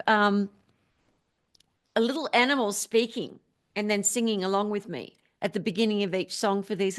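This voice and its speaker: Woman, middle-aged, podcast guest, upbeat, laughs often, storytelling, mid pitch. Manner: upbeat, laughs often while telling stories. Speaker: podcast guest, musician and spiritual teacher. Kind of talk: casual interview chat.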